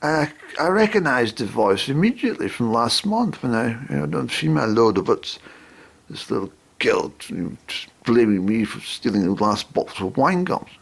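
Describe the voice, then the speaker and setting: A man telling a rambling comic story, hesitating with lots of ums, in a raspy, creaky voice. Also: mid-range voice, big pitch swings, normal speed.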